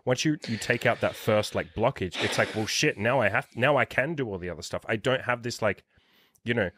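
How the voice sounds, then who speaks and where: This fairly quick talker has a medium-pitched, fairly bright male voice with no echo. He's in his thirties, hosting a casual interview as a dating coach and speaking bluntly and emphatically, swearing a lot.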